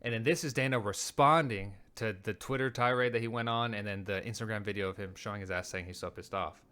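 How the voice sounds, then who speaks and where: A man's voice: fairly low pitch, bright, forceful tone, smooth. A man hosting a show, ranting heatedly and with lots of swearing as he reacts to clips. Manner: heated, profane, rapid ranting. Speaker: show host. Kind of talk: casual commentary on clips.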